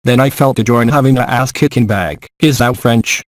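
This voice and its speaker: A man reading an English voice-over translation of a spiritual gathering in a measured, steady way, close to the mic. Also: mid-range voice, no echo.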